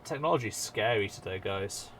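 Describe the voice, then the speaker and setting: Male streamer, casual live chat, animated delivery, swears freely, self-mocking. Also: fairly low pitch, moderate pace, a little hiss or hum.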